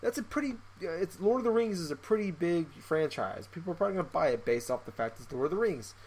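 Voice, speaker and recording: A young man with a fairly high voice that leaps up and down as he talks. He co-hosts a casual podcast and rants with a joking, animated delivery, often repeating himself. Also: fast talker, slightly rough. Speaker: podcast co-host. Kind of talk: casual chat.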